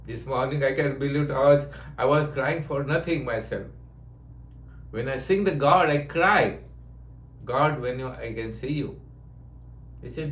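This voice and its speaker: An older man gives an informal spiritual talk, speaking in short, repeated phrases of broken English and laughing easily. His voice sits at a middle pitch. The room is echoey, with a faint hum underneath. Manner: non-native English with broken grammar. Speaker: yoga teacher giving blessings. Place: ashram.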